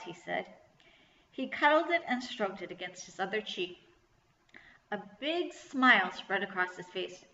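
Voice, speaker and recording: A woman librarian reading a children's chapter book aloud with clear, lively storytelling. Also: medium pitch, normal speed. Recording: echoey room, slightly dull sound.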